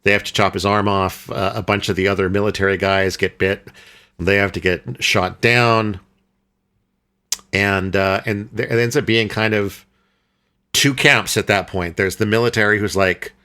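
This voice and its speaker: Man, low voice, bright tone, casual podcast co-host, rambling, lots of fillers. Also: steady tone, moderate pace. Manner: rambling, many fillers and restarts. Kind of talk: casual film review chat.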